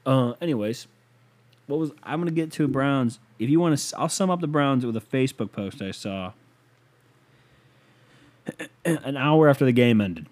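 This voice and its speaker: A man's voice: mid-range voice, normal speed, pauses often, darkish tone. A man hosting a casual, comedic rant show, talking in a profane, sarcastic and rambling way.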